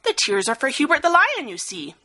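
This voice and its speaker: A woman's voice: high-pitched, huge pitch swings, fairly quick, bright, forceful tone, voice pushed up, exaggerated voice. A woman voicing a wise, determined old male elephant in a storybook reading, earnest in manner.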